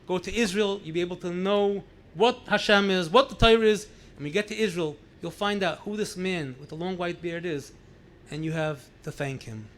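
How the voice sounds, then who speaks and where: A man voicing a secretive Soviet doctor who asks pressing questions in a quiet, firm way. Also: high-pitched, moderate pace, hardly any pauses. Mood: earnest.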